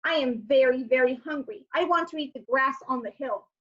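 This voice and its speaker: A woman's voice: high voice, a little fast, a bit bright, dull audio. A woman voicing a big, mean male billy goat in a storybook, speaking boldly.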